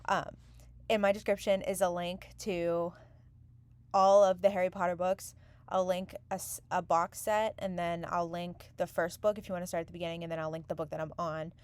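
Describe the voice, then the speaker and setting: A woman's voice: lowish voice, flat delivery, moderate pace, a little mellow, clean tone. A woman chatting casually to camera from a small windowless bedroom as a book vlogger, full of "um" and "like" fillers.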